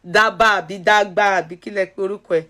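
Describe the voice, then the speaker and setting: A woman's voice: mid-range voice, fairly even intonation, fast, pushed and bright. A Nigerian woman with a Yoruba accent in casual chat, mixing English with Yoruba and asking questions. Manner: mixes English with Yoruba, questioning, laughs often. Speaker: commentator.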